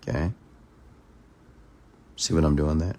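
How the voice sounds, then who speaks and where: A man hosting a late-night live stream, reading viewer comments aloud and answering them, who changes his pace and tone on purpose and sometimes slows into a measured news-anchor delivery. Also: extremely low pitch, steady tone, dark tone.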